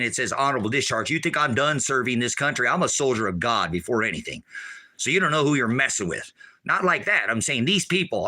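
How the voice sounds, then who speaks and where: A middle-aged American preacher who talks off the cuff and rambles from point to point. He scolds his listeners in a combative, cutting tone. His voice is strikingly bright and sharp. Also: medium pitch, rough recording. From United States.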